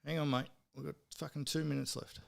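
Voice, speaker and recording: A man's voice: on the high side, level tone, brisk, gravelly. An Australian man hosting a casual live stream, tipping footy games and freely swearing while he teases his mates in the chat.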